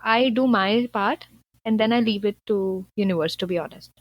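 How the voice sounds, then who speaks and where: A woman's voice: mid-range voice, normal speed, dull audio. A woman from Punjab, India, speaking as a podcast guest in an earnest, chatty way, full of "like" and "you know". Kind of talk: casual conversational interview.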